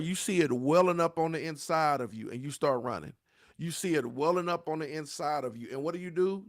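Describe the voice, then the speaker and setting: A man's voice: on the high side, no echo, clean studio sound. A man giving a motivational talk on grief, with a preacher-like cadence, repeating his phrases and calling his listeners "y'all.". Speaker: grief speaker.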